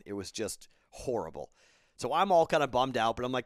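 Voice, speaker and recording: A man's voice: mid-range voice, expressive, a little fast, dry recording, studio quality. A man in his thirties, a podcast host, telling a casual rambling story and then giving betting picks, tired and self-correcting.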